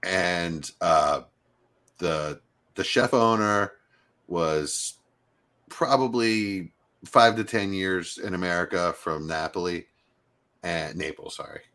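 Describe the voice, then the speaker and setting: Deep-voiced middle-aged man in relaxed podcast banter. He tells stories with animation and loose asides, breaking now and then into playful mimicry. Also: slow pace, pauses often. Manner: animated storyteller, mimics accents in passing. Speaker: podcast co-host. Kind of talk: casual chat.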